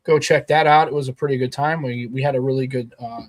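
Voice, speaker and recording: A man's voice: medium pitch, steady tone, fast. A man co-hosting a casual tech podcast, rambling and emphatic, swearing now and then. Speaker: podcast co-host.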